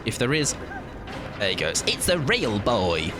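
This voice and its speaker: A man's voice: lowish voice, huge pitch swings, normal speed, music in the background. A young man streaming a game live, chatting in a joking, self-mocking, rambling way.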